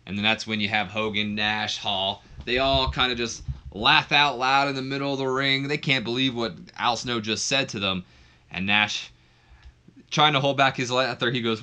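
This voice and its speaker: A man's voice: medium pitch, steady tone, normal speed, bright, forceful tone, smooth. A man giving casual, offhand commentary on a wrestling simulation game. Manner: chatty, offhand, with fillers and asides. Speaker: let's play commentator.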